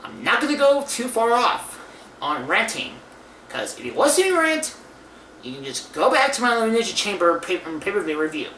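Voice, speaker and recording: A man's voice: sits high, big pitch swings, a little fast, sharp tone. Young male reviewer, loose and profane, rambling with lots of restarts; roomy echo, sits off the mic with faint hiss. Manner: profane, ranting, many restarts and fillers. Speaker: wrestling show reviewer. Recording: echoey room, far from mic, faint hiss.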